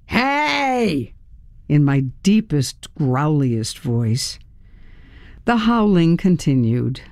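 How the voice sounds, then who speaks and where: Slow, expressive woman narrating an audiobook. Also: sits low, no room sound, clean studio sound. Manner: measured, expressive, tense storytelling. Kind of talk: first-person audiobook narration.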